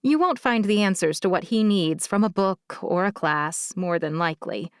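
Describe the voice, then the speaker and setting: A woman narrating an audiobook, voicing a kind, frank older female social worker who speaks gently and candidly. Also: fairly low pitch, expressive, normal speed, clear, resonant tone, no room sound, studio quality, lightly acted. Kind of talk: audiobook character voice.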